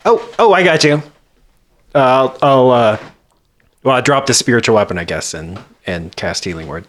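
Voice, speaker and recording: A man's voice: medium pitch, lively intonation, moderate pace, fairly bright tone. A man playing in a tabletop game, talking casually with some hesitation. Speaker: player.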